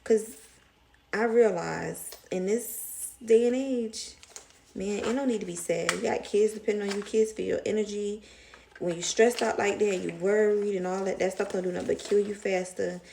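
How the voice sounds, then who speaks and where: A young woman chats to her camera, retelling a story with lively animation and acting out the other voices. Her voice has a gravelly, fried texture. A faint hiss sits under the recording. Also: mid-range voice, normal speed. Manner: chatty, animated retelling, mimics voices in quotes. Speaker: vlogger. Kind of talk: casual storytime chat.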